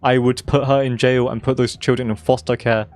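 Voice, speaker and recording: A hoarse young man rants to his stream, hammering his points home by repeating them and swearing freely. His voice sits in a middle pitch, with a little music playing softly behind him. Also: flat delivery, fairly quick. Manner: emphatic, swearing, repeating himself for stress. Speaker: game streamer. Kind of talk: casual live-stream rant.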